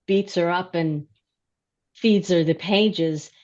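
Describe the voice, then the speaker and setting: A woman's voice: fairly low pitch, takes it slowly, a little mellow, dull audio. A middle-aged woman chatting in a book club discussion, talking easily and laughing often.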